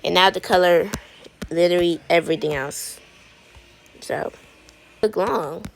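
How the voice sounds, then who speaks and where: A woman's voice: fairly low pitch, a little slow, vocal fry, slight background noise. A woman video creator chatting while she colors. She talks in a sassy, rambling way and often stumbles and restarts her words.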